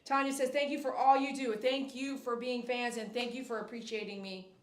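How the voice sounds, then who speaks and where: This dog groomer hosts a relaxed livestream from her shop, talking a little fast in a high voice. She reads comments out loud, chats with viewers, and every so often lets out an excited cheer as her words echo around the room.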